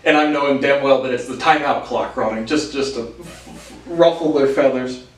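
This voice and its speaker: A man's voice: medium pitch, normal speed. Young man, rambling casual storyteller, laughs often, echoey room, set back from the mic. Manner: rambling, laughing, many restarts and fillers. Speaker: podcast host. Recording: roomy, distant from the mic.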